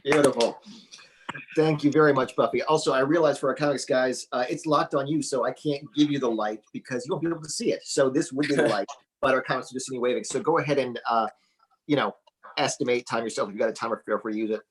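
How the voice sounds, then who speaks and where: A man's voice: medium pitch, fast, slightly rough, rough recording. A man hosting an online comedy show, introducing comics in a chatty, joking way. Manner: chatty, joking emcee patter with fillers. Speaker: show host.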